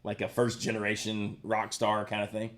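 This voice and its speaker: Male stream co-host, low voice, relaxed rambling gear talk. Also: moderate pace. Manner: relaxed, rambling, lots of fillers and restarts. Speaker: co-host of a guitar shop live stream. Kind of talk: casual chat, reading viewer comments.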